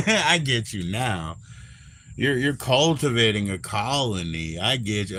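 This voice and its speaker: A man in his forties on a casual livestream, rambling and swearing, often trailing off into low mumbles. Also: lively intonation, moderate pace, bright, forceful tone, a little hiss or hum. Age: 40s. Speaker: livestream host.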